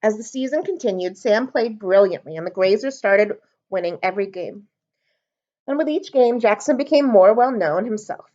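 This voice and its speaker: A woman reading a children's storybook aloud for a library storytime, expressive and animated. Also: mid-range voice, moderate pace. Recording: dull lo-fi recording.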